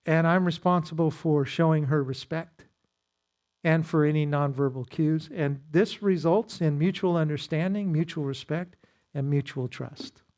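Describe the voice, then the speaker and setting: A man's voice: on the high side, measured pace, a little mellow. A man leading a church marriage seminar, teaching in a conversational way with self-deprecating humor and acted-out quotes.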